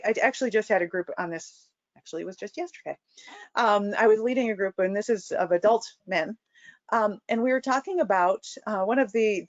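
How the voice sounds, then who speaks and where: A woman's voice: mid-range voice, no echo. Woman clinician, training lecture, chatty with fillers, dry muffled recording. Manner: conversational, many "you know" fillers and restarts.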